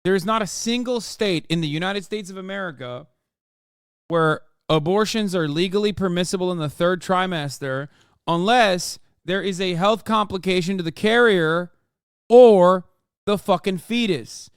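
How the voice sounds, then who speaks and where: Profane, combative male streamer, high voice. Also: moderate pace, clear, resonant tone, no echo, studio quality. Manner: profane, combative, yelling at chat. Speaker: streamer reacting to a political interview. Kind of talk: heated live-stream commentary.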